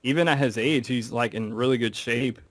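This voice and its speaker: A man on a podcast telling stories in a casual, animated way, acting out quotes and swearing freely. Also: medium pitch, moderate pace, no room sound. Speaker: podcast co-host. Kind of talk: casual chat.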